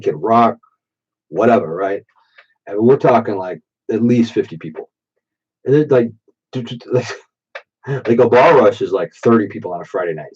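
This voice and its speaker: A man's voice: on the low side, dark tone, breathy edge. A man in his late thirties with a stuffy nose from allergies, telling rambling, profane stories on a late-night live stream while drinking. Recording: dull, muffled default mic.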